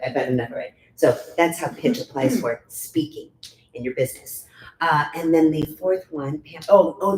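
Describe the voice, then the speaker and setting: A middle-aged woman vocal coach leads a workshop in a chatty, demonstrative way. Her voice sits low and mellow. The room adds a roomy echo and a faint hum. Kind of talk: workshop teaching.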